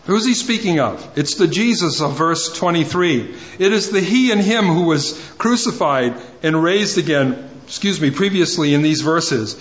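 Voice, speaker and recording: A man preaching a sermon in a fairly high voice, earnest and pleading as he hammers home his points through repetition. The recording sounds dull and lo-fi, with the top end muffled. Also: animated, moderate pace, a bit bright. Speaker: pastor.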